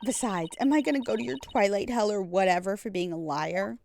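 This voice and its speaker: A woman voicing a brash, sharp-tongued young female magician who talks in a snappy, defiant, rude way. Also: mid-range voice, a little fast, creaky, a little hiss or hum, natural voice. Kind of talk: reading a game aloud with voices.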